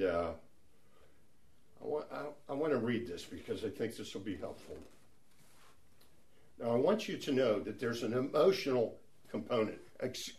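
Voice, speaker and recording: A man's voice: mid-range voice, a little mellow. A middle-aged man leading a church Bible study in a conversational teaching style, chatty and prone to restarts. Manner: chatty, with frequent restarts and asides.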